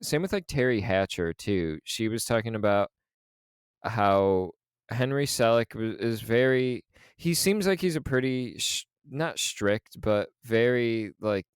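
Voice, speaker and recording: A man's voice: medium pitch, expressive, a little slow, clean tone, dry recording, clean studio sound. Rambling male podcast co-host. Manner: rambling, filler-heavy storytelling. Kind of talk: casual chat.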